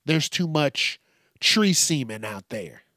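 A man's voice: on the high side, very animated, slow, pushed and bright, no echo, studio quality, exaggerated voice. A man voicing his own stuffed-up nose as a snippy, dismissive little figure in a comedy podcast bit. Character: man's own blocked-up nose, talking back snippily.

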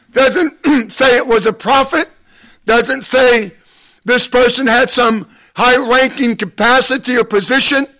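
High-voiced, slow, emphatic male preacher. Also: sharp tone. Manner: measured, emphatic preaching with deliberate pauses, rising to impassioned exhortation. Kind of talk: sermon.

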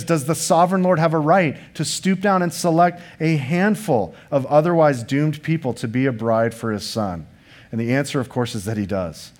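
A pastor preaching a sermon to his congregation, earnest and emphatic, posing rhetorical questions and speaking to the listeners in conversational asides. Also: medium pitch.

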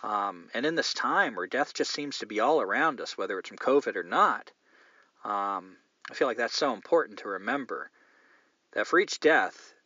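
A man's voice: fairly low pitch, expressive, moderate pace, bright, forceful tone, husky, no echo, dull audio. A man hosting a podcast, chatting candidly in a loose, rambling way and swearing now and then. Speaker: podcast host. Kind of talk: casual chat, reading listener mail.

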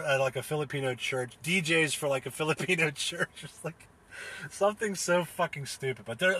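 The voice is a young man's, fairly high, pushed, bright and husky. Chatting casually by himself, he recounts a comedy show in a rambling way, full of fillers and restarts, laughing and swearing along the way.

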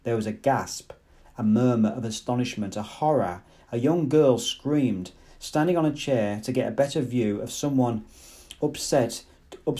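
A man narrating a novel aloud with a mellow, warm tone. His reading is measured and dramatic, and his voice sits at an ordinary male pitch.

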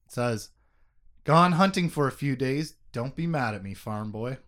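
A man's voice: medium pitch, expressive, normal speed, a bit bright. A man co-hosting a casual podcast, rambling and self-mocking, swearing freely as he recaps a story. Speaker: podcast co-host recapping a book.

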